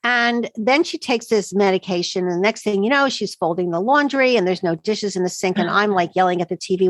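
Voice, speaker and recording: A woman, a doctor answering podcast interview questions with emphatic, animated explanations. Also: medium pitch, a little fast, hardly any pauses, no room sound. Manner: emphatic, animated storytelling with quoted asides. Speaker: integrative medicine doctor, podcast guest.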